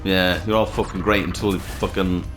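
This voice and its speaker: A man's voice: low-pitched, fairly even intonation, moderate pace, over music. A man hosting a let's play, chatting casually and swearing freely while he plays. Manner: rambling, swears freely, self-correcting. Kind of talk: casual gameplay commentary.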